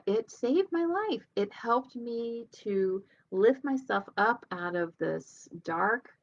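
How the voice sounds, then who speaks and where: Woman healer type talking motivation, gravelly fry, kinda dull lo-fi sound. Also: fairly low pitch, a little hiss or hum. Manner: earnest, conversational, laughs lightly. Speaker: healer and leadership coach. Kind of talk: motivational talk.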